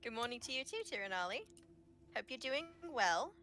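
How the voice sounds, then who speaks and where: A courteous adventurer woman , played by a woman player in a tabletop game. Her voice is bright and sharp, and her manner is formal and polite. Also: fairly high pitch, expressive, moderate pace.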